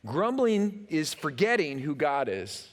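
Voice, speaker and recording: Animated pastor preaching in a reverberant hall. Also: male voice, a little high, slow pace. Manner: animated, acts out quotes and repeats words for effect. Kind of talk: sermon. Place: large church auditorium.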